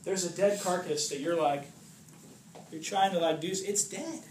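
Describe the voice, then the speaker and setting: A man's voice: high voice, normal speed, darkish tone. A man giving an informal sermon to a small group, chatty and joking, asking "right?" often. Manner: chatty, jokes and acts out voices, asks "right?" often. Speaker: preacher. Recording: roomy distant recording with background noise.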